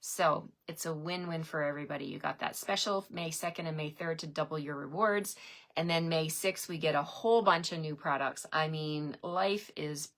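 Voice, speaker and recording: Cheery canadian lady chatting to viewers from home, bright voice, laughs a lot. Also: deep voice, moderate pace. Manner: bubbly and giddy, laughs often, greets viewers by name. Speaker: stamping demonstrator hosting a livestream. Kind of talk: casual livestream chat. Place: at home, indoors. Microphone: webcam or phone camera.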